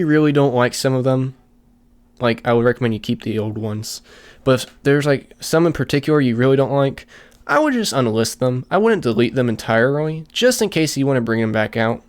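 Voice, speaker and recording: A man's voice: medium pitch, very animated, normal speed. A tired, slightly breathless man hosting his own podcast in a loose, casual chat. He rambles, leans on fillers and often restarts his sentences as he goes. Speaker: podcast host.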